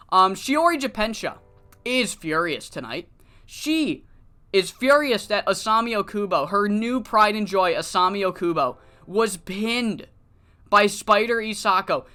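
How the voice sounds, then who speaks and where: A casual game commentator narrating a wrestling sim save, excitable and swearing freely while paraphrasing characters' promos. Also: medium pitch.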